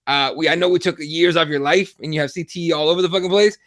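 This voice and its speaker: Brief: young man, high pitched, animated and foul-mouthed podcast co-host, dry close sound. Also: quick pace, no room sound. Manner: profane, animated storytelling. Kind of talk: casual chat.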